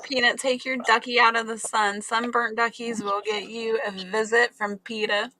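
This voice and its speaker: A woman's voice: on the high side, flat delivery, moderate pace, pushed and bright, low-quality recording. A woman co-hosting a casual livestream, chatting, laughing often and reading out viewer comments. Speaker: livestream co-host reading chat.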